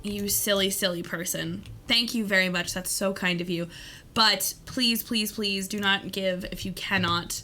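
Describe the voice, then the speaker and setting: Bright, slow-talking woman streamer. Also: medium pitch, steady tone, faint music behind. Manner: playful and giggly, thanks donors warmly. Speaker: streamer hosting a charity stream. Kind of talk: casual gaming livestream chat.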